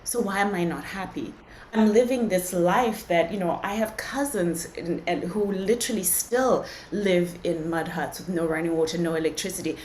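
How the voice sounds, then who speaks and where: A woman's voice: fairly low pitch, a little mellow, reverberant, a little hiss or hum, rough recording. A woman from Zimbabwe, a podcast guest, earnestly and reflectively telling her own story in a casual interview.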